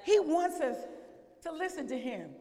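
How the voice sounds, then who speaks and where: A woman preaching a sermon, telling a story and acting out its voices, rising at times to a shout. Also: sits high, very animated, a little slow. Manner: acts out voices, voice swells to shouting. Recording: echoey hall.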